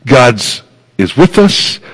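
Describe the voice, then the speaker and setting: A man's voice: medium pitch, big pitch swings, extremely slow, husky, rough recording. A man preaching a sermon as pastor, earnest and emphatic, repeating phrases for weight.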